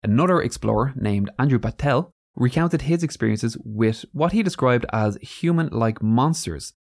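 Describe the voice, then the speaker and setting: A man's voice: medium pitch, lively intonation, normal speed, gravelly. Casual male podcast storyteller. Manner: reads facts with loose asides and laughs. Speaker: podcast co-host.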